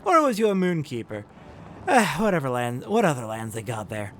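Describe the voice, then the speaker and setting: A man's voice: mid-range voice, very animated, fairly quick, slight background noise, natural voice. A man voicing a drunk, rowdy male sailor who rambles in a slurred pirate-style dialect. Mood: drunken rambling.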